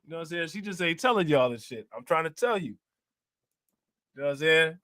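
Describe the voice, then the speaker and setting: A man chats on a livestream, slangy and joking, laughing often. His voice sits a bit high. The sound is dry and close, with no room around it. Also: lively intonation, fairly quick, sharp tone, no echo. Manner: joking, laughing, slangy, repeats "you know what I'm saying". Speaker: crypto livestream host. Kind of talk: casual livestream chat.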